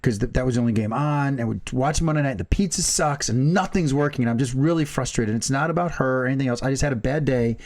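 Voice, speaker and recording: A man's voice: medium pitch, quick pace, few pauses, darkish tone. A man co-hosting a casual chat, teasing his partner and laughing often while he tells stories. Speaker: podcast co-host.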